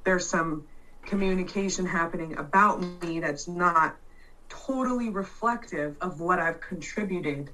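A woman in casual chat, loud and blunt, swearing freely and restarting her sentences as she tells a story. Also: on the low side, a little slow, distant mic, faint music behind, rough recording.

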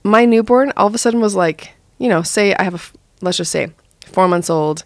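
A young woman and mother chatting casually about parenting, acting out her own lines in a higher voice. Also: a little fast, dry recording. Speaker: mother sharing parenting advice. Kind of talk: casual podcast chat.

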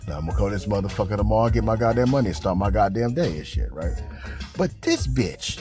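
A man hosting a podcast, telling a profane, animated rant about his job in a casual venting monologue. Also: lowish voice, fast, soft background music. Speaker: podcast host.

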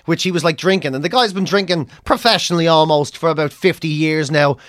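A man, a comedian co-hosting a podcast, telling stories in animated, freely swearing casual chat. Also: on the high side, quick pace, few pauses, no room sound, studio quality.

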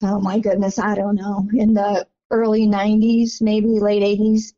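A woman's voice: mid-range voice, flat delivery, moderate pace, mellow. An older woman, a longtime basketball season ticket holder, telling stories in a casual interview in a rambling, chatty way full of "you know". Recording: dull lo-fi audio.

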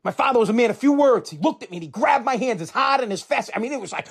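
A man's voice: extremely high pitch, expressive, fast talker, gravelly, few pauses, slightly rough. A man delivering a heated, profane political rant, fired up and repeating himself.

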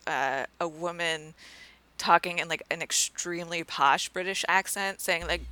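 A woman's voice: on the low side, fairly even intonation, measured pace, bright, forceful tone, no echo, poor audio. A woman co-hosting a podcast, casually recounting facts with frequent ums and uhs. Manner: recounting facts, many "um" and "uh" fillers. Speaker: podcast co-host. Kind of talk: casual chat.

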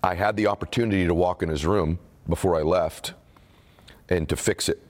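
Deep-voiced man telling an earnest story. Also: steady tone, moderate pace. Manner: earnest, emotional, reflective. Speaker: author being interviewed. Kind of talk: candid conversational storytelling.

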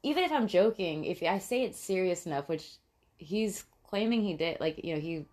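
A young woman with a fairly low voice recaps a true-crime case in casual podcast chat. She talks loosely, with filler words, swearing and giggles. Her tone stays informal. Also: animated, normal speed, darkish tone. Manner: chatty and giggly, frequent fillers and profanity. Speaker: podcast co-host.

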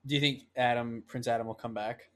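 A man's voice: mid-range voice, steady tone, fairly quick, dry recording, clean studio sound. A young man co-hosting a casual podcast, answering in an easygoing, laid-back way. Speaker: podcast co-host.

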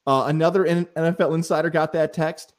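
A man's voice: fairly high pitch, fairly even intonation, a little fast. A man co-hosting a sports podcast, talking casually and acting out people in his stories.

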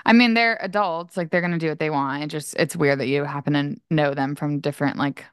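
A woman's voice: deep voice, fairly even intonation, a little fast, clean tone, no room sound, clean studio sound. A young woman co-hosting a podcast, chatting casually and peppering her talk with "like". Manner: chatty, lots of "like" fillers. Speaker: podcast co-host. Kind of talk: casual chat.

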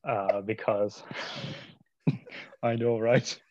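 A young man talks as a guest, hesitant and pausing often on filler sounds. His voice is fairly low, and the audio is dull and lo-fi with no room echo. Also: darkish tone. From United Kingdom. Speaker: interview guest. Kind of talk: casual conversational interview.

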